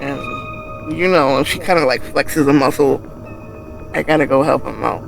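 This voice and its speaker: A man's voice: medium pitch, a little slow, vocal fry, over music, poor audio. A man playing a tabletop game who talks in a rambling, casual way with lots of fillers. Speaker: player.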